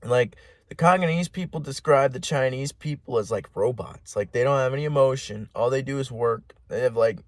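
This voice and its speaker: A man's voice: mid-range voice, moderate pace, dry recording, clean studio sound. A man hosting a podcast alone, rambling in a casual monologue with heavy swearing, lots of "like" and restarts. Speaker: podcast host.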